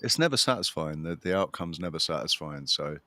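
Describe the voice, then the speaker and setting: A livestream host with a very deep, low voice chats casually, rambling and often restarting sentences, sometimes breaking into a chuckling laugh. He's animated and fairly quick, with a pushed, bright delivery. The sound is dry and close, with almost no room echo.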